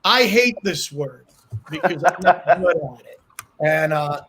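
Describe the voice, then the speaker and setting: A man's voice: on the high side, animated, a little slow, a bit bright, a little hiss or hum. A male comedian telling a long, rambling comic story over a video call, repeating himself and laughing at his own jokes. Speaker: comedian guest.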